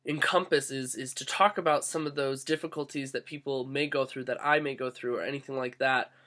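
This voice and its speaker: A young man with a groggy voice from getting sick, talking earnestly in a casual reflective vlog, often halting and restarting. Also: mid-range voice, fairly even intonation, pushed and bright. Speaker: vlogger.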